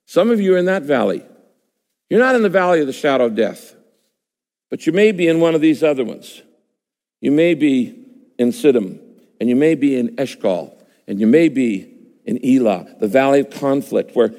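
A man's voice: mid-range voice, animated, normal speed, dark tone. A man preaching a sermon as a pastor, emphatic and repeating key phrases for effect. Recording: long hall reverb.

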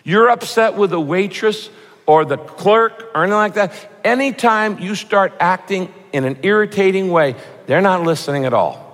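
A man's voice: high-pitched, moderate pace, a bit bright, big-room sound. A man preaching a sermon as a pastor, with punchy rhyming lines and mock voices for his examples.

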